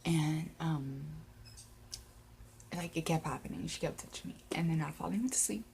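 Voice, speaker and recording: Woman, young adult, low voice, tearful, halting storytelling, faint hiss. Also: gravelly, a little mellow. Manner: emotional, halting, many fillers and restarts. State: tearful, near crying. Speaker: paranormal vlogger.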